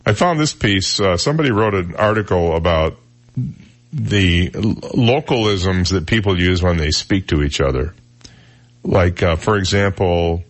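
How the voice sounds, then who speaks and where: A man from Michigan hosting a casual radio talk show, chatty and joking with lots of fillers. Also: deep voice.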